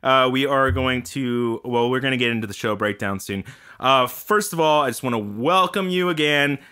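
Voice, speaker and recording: A man's voice: mid-range voice, moderate pace, pushed and bright, clear, resonant tone. A man co-hosting a horror podcast in casual chat, laid-back, laughing easily and swearing freely. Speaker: podcast co-host.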